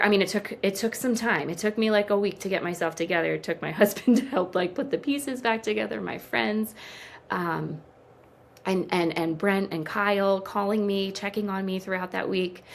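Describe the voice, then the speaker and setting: A woman's voice: mid-range voice, normal speed, vocal fry, slight background noise. A woman in her thirties, a podcast guest, telling a heartfelt story and acting out what people said. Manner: emotional, animated storyteller who acts out quoted dialogue. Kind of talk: interview storytelling.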